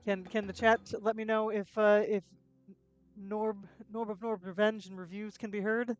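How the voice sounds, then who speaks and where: Smooth and medium-pitched with little pitch movement, a woman speaks at normal speed over soft background music in lo-fi sound. She's streaming a video game, chatting casually to viewers and talking to herself in rambling bursts with frequent restarts.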